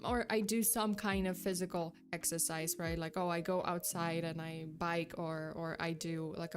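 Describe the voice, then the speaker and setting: A young woman streaming as a VTuber, telling a story in casual chat, rambling with many fillers and restarts and slightly out of breath. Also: fairly low pitch. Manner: chatty, rambling, with frequent fillers and restarts, breaking off to thank chat.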